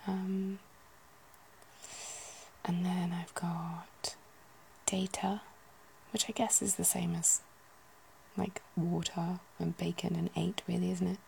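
A woman musing softly in a whispered ASMR chat, gently poking fun at herself. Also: fairly low pitch, level tone, takes it slowly, gravelly, long pauses, a little hiss or hum, poor audio. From United Kingdom. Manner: soft, self-deprecating, musing aloud. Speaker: ASMR video host.

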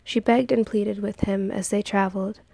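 A woman narrating a story in a soft, hushed, partly whispered reading. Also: mid-range voice, steady tone, normal speed, creaky, no echo.

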